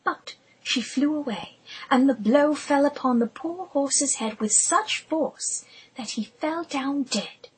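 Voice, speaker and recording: A woman narrating an audiobook in a hushed, intimate whisper. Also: sits high, takes it slowly, poor audio.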